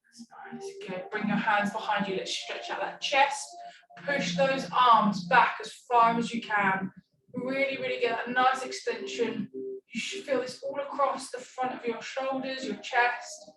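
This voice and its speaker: A woman's voice: on the high side, expressive, measured pace, a crowd in the background. A woman leading a stretch class, giving playful, encouraging cues. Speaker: fitness instructor. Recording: echoey room, far from mic, music behind. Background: background music.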